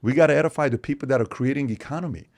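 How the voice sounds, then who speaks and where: A man from Iran, a podcast guest in casual conversation, talking in an animated, emphatic way. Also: mid-range voice, racing. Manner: animated, emphatic, acts out other people's voices.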